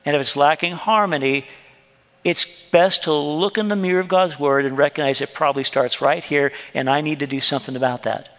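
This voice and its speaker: A man's voice: a little high, steady tone, brisk, a bit bright, long reverb tail. A man preaching a sermon as pastor, talking to the congregation in a conversational way and acting out little quoted exchanges.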